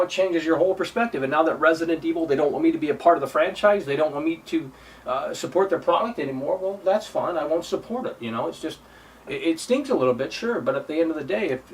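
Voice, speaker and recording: A man hosting a live stream rants combatively about a game, sarcastic and repetitive, mocking his critics by imitating them in a high, whiny put-on voice. A distant mic picks him up with faint noise.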